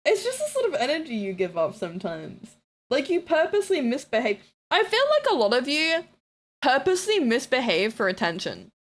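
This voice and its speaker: A woman streamer talks casually to her live chat with a bouncy, sing-song delivery that climbs and dips a lot. She is blunt and playful, swearing freely and teasing her viewers. Her voice sits a little on the high side. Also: a little fast. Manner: excitable, with bursts of shouting and laughter.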